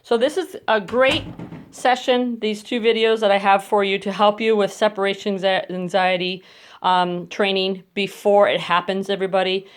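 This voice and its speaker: A woman's voice: medium pitch, steady tone, moderate pace, clean tone. A woman dog trainer explaining crate training step by step at home, switching to coaxing praise for her dogs, recorded on a phone. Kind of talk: instructional demonstration. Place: home bedroom, indoors. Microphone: phone camera.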